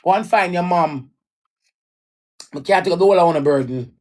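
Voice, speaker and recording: A woman's voice: lowish voice, normal speed, darkish tone. A Jamaican woman telling an emotional personal story in a raw, emphatic way, often repeating her lines. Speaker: livestreamer.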